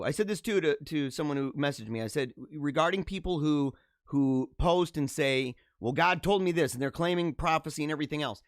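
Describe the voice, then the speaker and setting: A man hosting a livestream, chatting casually and answering viewer comments in an animated, talkative way. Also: fairly high pitch, dry recording, clean studio sound. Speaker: livestream host.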